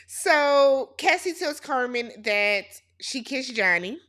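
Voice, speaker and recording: Sassy, slightly high-voiced woman recapping TV. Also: expressive, takes it slowly, a bit bright. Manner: sassy, blunt, gossipy. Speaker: reality TV recap host. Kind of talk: casual TV recap commentary.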